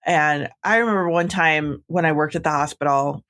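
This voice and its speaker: A woman's voice: low voice, moderate pace, fairly bright tone. A woman podcast host with a chatty, reassuring way of talking, giving advice in a casual conversation with many "like" fillers.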